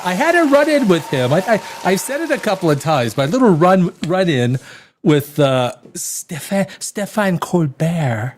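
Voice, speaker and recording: A man hosting a rowdy live stream, loud and rambling, swearing and reading chat comments aloud, a little tipsy from wine. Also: high-pitched, unhurried, slight background noise. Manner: animated, swings between shouting and muttering. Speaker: live show host.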